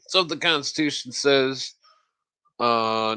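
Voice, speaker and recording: A man hosting a podcast, ranting in a casual, profanity-laced monologue and often clearing his throat. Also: medium pitch, measured pace, pauses often, sharp tone. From United States. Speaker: podcast host. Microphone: podcast microphone.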